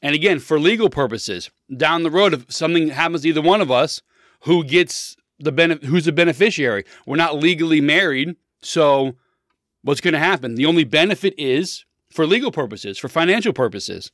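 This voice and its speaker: A man in his thirties holds forth on his views in a blunt, opinionated, meandering way, often restarting his sentences. His voice sits a touch higher than most men's. The sound is close and dry. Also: expressive, a little fast, fairly bright tone, no room sound. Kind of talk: casual political monologue.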